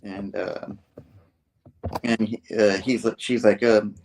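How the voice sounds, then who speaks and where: A man's voice: on the low side, takes it slowly, a little hiss or hum. A man casually retelling a comic book scene by scene, acting out the characters' lines in loose voices. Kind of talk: casual chat.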